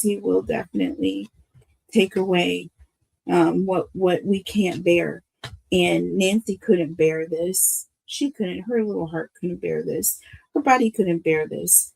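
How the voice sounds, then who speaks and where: Older woman tarot reader, slow and gravelly, emotional and preachy, talks to viewers as y'all. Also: mid-range voice, steady tone, a little mellow, low-quality recording. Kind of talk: live tarot reading to viewers.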